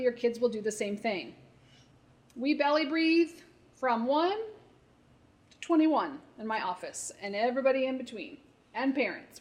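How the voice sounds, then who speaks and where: Woman, therapist, parent workshop, somewhat high voice, conversational coaching. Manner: conversational, coaching, frequent "right?" check-ins. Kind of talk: live workshop talk.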